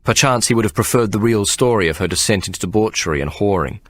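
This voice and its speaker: A man narrating an audiobook with measured, expressive storytelling. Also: on the low side. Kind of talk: scripted narration.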